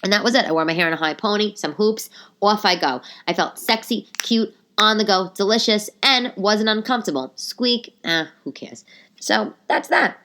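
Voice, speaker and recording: Brisk and a little bright, this middle-aged woman speaks at medium pitch while hosting her solo podcast. A cold has left her slightly nasal today, and her casual chat drifts through meandering stories full of side comments.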